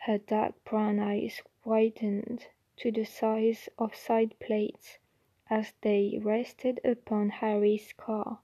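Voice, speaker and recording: A woman doing an amateur storybook reading, halting at times and correcting her own slips. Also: fairly high pitch, flat delivery, warm tone, dry recording. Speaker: audiobook reader.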